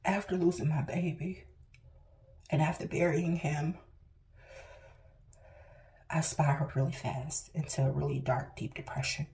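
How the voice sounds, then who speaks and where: A woman's voice: fairly even intonation, unhurried, long pauses, a little mellow. A woman vlogger telling a personal story to camera, emotional and at times tearful, acting out what people said with big swings in her voice. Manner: emotional, acts out quotes with big pitch jumps.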